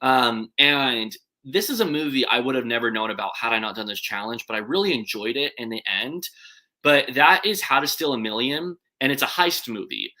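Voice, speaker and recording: Male stream host, mid-pitched and bright, loose chatty delivery that stumbles and speeds up when excited. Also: normal speed. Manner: chatty, hesitant with frequent ums and restarts; excitable, words run together when excited. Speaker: movie channel host. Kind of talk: casual live-stream commentary.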